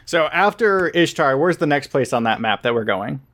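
A man's voice: fairly high pitch, lively intonation, moderate pace, a bit bright. A man playing a tabletop game who eagerly lays out his plan at length, checking in with "right?" as he goes. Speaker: player.

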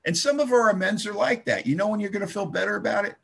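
A man's voice: high voice, fast, gravelly, fairly bright tone, slightly rough. A middle-aged man sharing his recovery story at a meeting, wry and self-mocking, with punchy asides.

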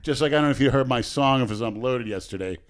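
A man's voice: mid-range voice, rapid-fire. Laughing, teasing male podcast host. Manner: laughing, teasing, swears freely. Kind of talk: crude casual banter.

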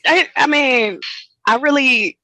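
A woman's voice: high voice, takes it slowly, bright, forceful tone, rough recording. A woman, a fitness coach, chatting as a podcast guest, laughing often and talking in loose colloquial speech. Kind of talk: casual chat.

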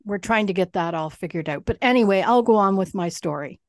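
Woman podcast co-host, lively storyteller who does the other voices, close and dry. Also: medium pitch, fairly quick, no room sound. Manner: animated storyteller, swears, mimics others. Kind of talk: casual chat.

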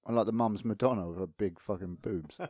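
A man's voice: lowish voice, brisk, a little mellow, dry recording, studio quality. A man co-hosting a podcast in blunt, sweary banter. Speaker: podcast co-host. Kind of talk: casual chat.

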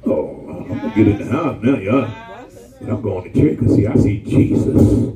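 A man preaching a sermon, animated and colloquial, calling out to the congregation. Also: on the low side, normal speed, roomy sound, distant mic, a crowd in the background, low-quality recording.

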